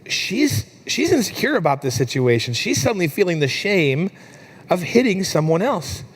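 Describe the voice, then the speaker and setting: A young adult man preaching a sermon in a church, telling a family story with lively, animated delivery. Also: sits high, normal speed, breathy edge. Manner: storytelling, animated when quoting his daughter. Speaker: pastor.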